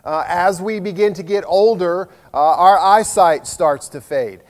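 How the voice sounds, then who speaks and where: High-voiced pastor in his fifties. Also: unhurried. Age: 50s. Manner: folksy, self-deprecating storytelling with humor. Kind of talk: sermon. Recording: long hall reverb.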